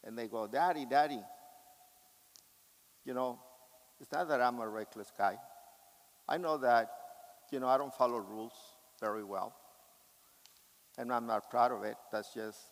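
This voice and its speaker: A man's voice: medium pitch, normal speed, pauses often, in a large hall, low-quality recording. A man preaching a sermon with impassioned, emphatic delivery.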